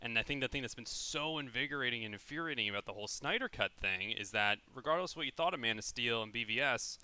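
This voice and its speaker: Forceful, resonant male co-host. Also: medium pitch, animated, fast talker, clean tone. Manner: thoughtful, reasoning aloud with hedges. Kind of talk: casual panel commentary.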